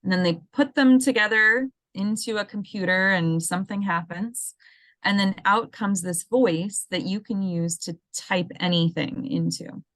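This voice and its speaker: A woman's voice: mid-range voice, measured pace, a bit bright, no room sound. A woman presenting an educational webinar, talking casually and explaining things step by step, with frequent ums and restarts, over a computer mic on a video call. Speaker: assistive technology coordinator presenting a seminar.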